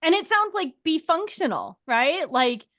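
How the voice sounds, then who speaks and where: An American woman co-hosting a podcast, bubbly and quick to agree with the others. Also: sits high, sing-song, pushed and bright. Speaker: podcast co-host. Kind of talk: casual interview chat.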